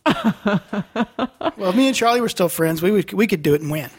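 A man's voice: high voice, animated, brisk, slightly rough. A man co-hosting a radio show, teasing his partner and protesting indignantly. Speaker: radio co-host. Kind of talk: casual banter.

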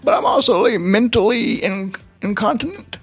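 A man playing a forgetful, hard-of-hearing old grandpa who rambles and shouts. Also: sits high, normal speed, breathy edge, soft background music, pitched above the performer's own voice. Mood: doddering.

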